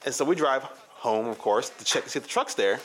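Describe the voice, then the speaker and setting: Animated, swearing male storyteller. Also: mid-range voice, fairly quick. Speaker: podcast co-host. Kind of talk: casual storytelling chat.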